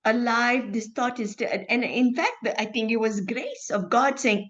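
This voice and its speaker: A woman's voice: fairly high pitch, animated, normal speed, few pauses, a bit bright. A woman in a conversational interview, speaking animatedly, laughing often and acting out her own thoughts. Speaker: guest. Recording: dull lo-fi sound.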